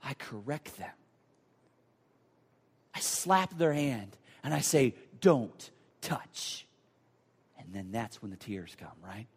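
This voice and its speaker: A man's voice: lively intonation, measured pace, pauses often, husky. Earnest preaching man in a reverberant hall. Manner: earnest, building to emphatic high points, then hushed and prayerful. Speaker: pastor. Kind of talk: sermon.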